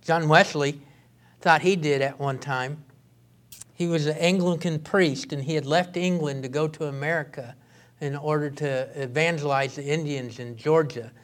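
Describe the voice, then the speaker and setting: A male pastor preaching a sermon in an earnest way, often halting and restarting his sentences. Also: on the high side, fairly even intonation.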